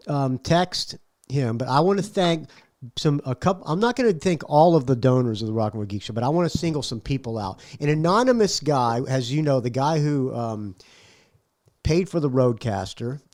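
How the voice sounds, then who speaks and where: A man hosting a podcast in casual chat, low-key and dry-humored. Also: a little mellow, no echo. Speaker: podcast host.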